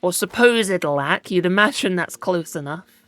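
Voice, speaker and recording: A woman's voice: fairly low pitch, lively intonation, measured pace, a bit bright, no echo, soft background music. A woman with a British accent giving chatty, self-mocking commentary while playing a game, often talking to things in it. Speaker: gaming channel host. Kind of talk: let's play commentary.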